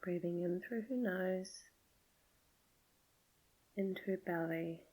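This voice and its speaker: A middle-aged woman hosting a podcast, gently telling a personal story in a soft, often half-whispered voice. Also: on the low side, slow, husky, poor audio. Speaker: podcast host.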